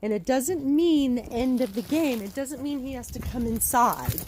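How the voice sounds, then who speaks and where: A woman's voice: lively intonation, moderate pace, a little mellow, slight background noise. A woman dog trainer teaching recall with a dog at home, upbeat and coaxing. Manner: upbeat, coaxing, high sing-song calls to the dog. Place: outdoors and indoors at a home with a dog.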